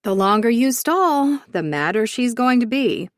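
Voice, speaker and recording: A woman doing a dry, brisk mom. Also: on the high side, lively intonation, dry recording, voice pushed up. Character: dry-witted, busy mother figure.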